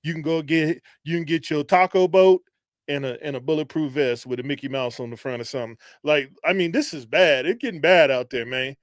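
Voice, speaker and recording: A man's voice: fairly high pitch, fairly quick, no echo, studio quality. A man co-hosting a casual talk show, laid-back and slangy. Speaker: co-host. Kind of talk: casual chat.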